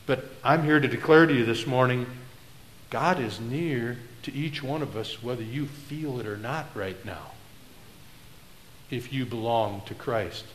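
A middle-aged man preaching a sermon, swinging between loud declarations and low, confiding asides. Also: measured pace, reverberant, slight background noise, low-quality recording. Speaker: pastor. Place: church sanctuary.

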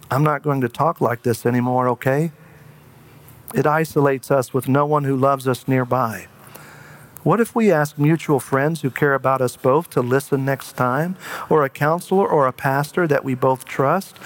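A man preaching a sermon in an earnest way, slowing down and dropping to a hush for emphasis. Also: mid-range voice.

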